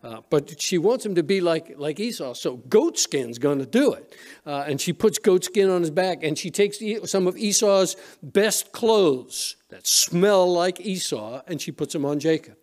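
A man's voice: high-pitched, animated, a little slow, a little mellow. A male pastor preaching a sermon in a church, retelling a story conversationally with frequent restarts. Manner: storytelling, retelling scenes with quoted voices. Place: church sanctuary.

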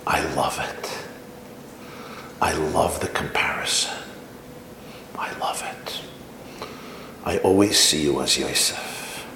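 A man acting out a gentle, loving father who softly consoles his young son. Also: very deep voice, takes it slowly, vocal fry, long pauses, reverberant, whispered, pitched below the performer's own voice, exaggerated voice. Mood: tender. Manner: soft, hushed, tender.

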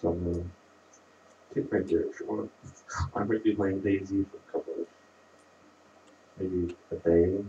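Low, dark-voiced man over echoey voice chat. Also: steady tone, moderate pace, long pauses. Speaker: friend in the game. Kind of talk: casual gameplay chat. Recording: dull, echoey voice chat with faint hiss.

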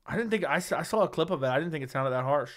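A man's voice: fairly high pitch, lively intonation, rapid-fire. Blunt sarcastic man hosting a livestream. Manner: blunt, sarcastic, slangy replies to chat. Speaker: livestream host reading viewer chat. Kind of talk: casual livestream chat. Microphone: studio microphone.

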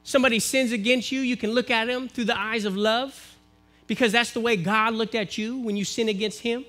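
High bright-voiced American preacher. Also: male voice, fairly even intonation, a little fast, soft background music. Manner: preaching, builds to forceful exhortation. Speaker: minister. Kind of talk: sermon. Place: church, live-streamed service.

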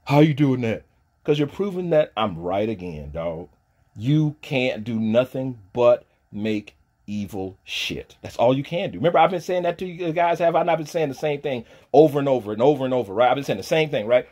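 A man delivers a profane, taunting livestream rant. He drops into low, quiet mutters, then climbs into loud, high-pitched shouting. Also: expressive, normal speed. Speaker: streamer pastor. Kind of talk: ranting livestream monologue.

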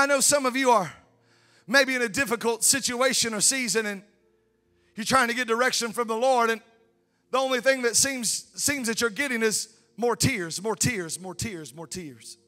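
A man preaching in a church with a high, bright, forceful voice. He swings from fervent shouted peaks down to quiet, tender asides. Soft music plays underneath. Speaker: pastor. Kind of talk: sermon. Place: church sanctuary.

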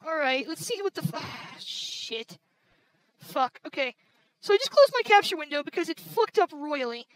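A woman's voice: high voice, sing-song, moderate pace, a bit bright, no echo, poor audio. A woman giving casual gameplay commentary, frustrated and swearing constantly. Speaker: gaming video creator.

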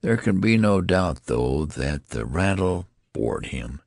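A man reading an audiobook aloud in a slow, measured way, giving the dialogue lively voices. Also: sits low, creaky, no echo, clean studio sound. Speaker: audiobook narrator. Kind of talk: scripted audiobook narration.

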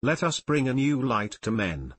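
A man voicing an earnest, pleading young male outcast inventor in an audiobook, with a husky voice. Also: medium pitch, big pitch swings, normal speed, no echo.

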